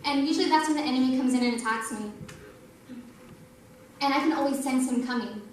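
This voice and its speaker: A young woman speaks earnestly at a church youth night, telling a personal story full of "like" as she builds toward her sermon. Her voice sits a little high. The recording is heavily echoey and a bit distant, with faint background noise. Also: fairly quick. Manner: earnest, storytelling, says "like" a lot. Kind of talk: sermon testimony. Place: church hall.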